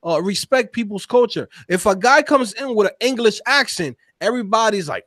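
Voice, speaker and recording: A man co-hosting a casual podcast conversation, talking in an animated, slangy, emphatic way. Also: high voice, fairly quick, hardly any pauses, dry recording, studio quality. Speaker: podcast co-host.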